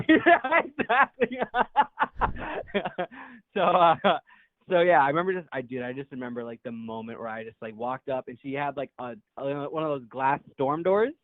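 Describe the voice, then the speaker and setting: A young man phones in and tells a rambling, profane story, laughing along the way, in an expressive, mid-range voice at a fairly quick pace. It's casual storytelling over a tinny, dry phone line with no echo.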